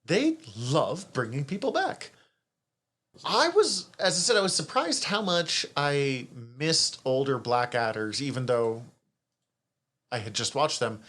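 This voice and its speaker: A fairly high-voiced man chatting casually as a podcast co-host. He is animated, exclaims loudly and swears freely as he talks. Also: measured pace. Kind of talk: casual chat.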